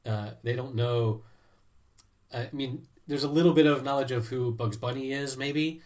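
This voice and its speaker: A man's voice: mid-range voice, normal speed, darkish tone. A man hosting a podcast, talking casually in a rambling, chatty way. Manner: chatty, rambling, many restarts. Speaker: podcast host. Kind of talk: casual chat.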